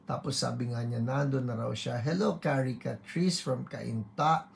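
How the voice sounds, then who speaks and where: A man's voice: mid-range voice, moderate pace, vocal fry, slight background noise. A man with a Filipino accent, a pastor hosting an online service, playfully greeting viewers by name and teasing them as he goes, slipping between English and Tagalog. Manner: playful, reads viewer names aloud and teases. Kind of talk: casual livestream greetings to viewers.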